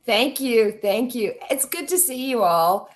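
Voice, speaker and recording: A cheerful woman from the United States greets an online club meeting as a guest. Her voice is fairly high and her pace slow. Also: lively intonation. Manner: cheerful, laughing. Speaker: guest, former member. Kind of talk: casual greeting. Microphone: video call.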